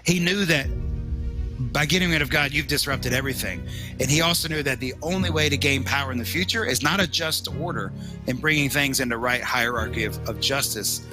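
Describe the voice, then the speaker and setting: A man's voice: medium pitch, a little fast, over music, poor audio. A man speaking as an interview guest, earnest and emphatic, often restarting his sentences. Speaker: magazine editor and guest. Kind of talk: conversational interview.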